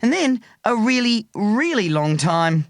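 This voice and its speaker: A woman reading a children's book aloud in a slow, expressive way. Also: on the high side, dry recording, studio quality. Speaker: audiobook reader.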